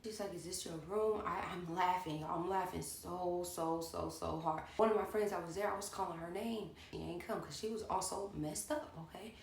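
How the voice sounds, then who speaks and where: A young woman telling a personal story to her viewers in a chatty, animated way, turning to the audience again and again, recorded at home. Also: on the low side, normal speed, vocal fry, hardly any pauses, roomy sound, a little hiss or hum. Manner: animated and chatty, keeps addressing the audience directly. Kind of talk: storytime vlog. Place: at home indoors.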